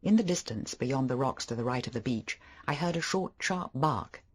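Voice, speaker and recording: A narrator reading a first-person novel aloud, expressive and measured. The voice is breathy and husky, and its pitch moves freely through each sentence. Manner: expressive storytelling delivery. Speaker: audiobook narrator.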